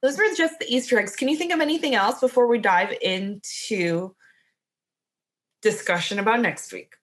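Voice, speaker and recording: A woman's voice: a little high, moderate pace, a bit bright. A woman co-hosting a podcast in casual chat, talking in a chatty way with lots of "like" and restarts. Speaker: podcast co-host.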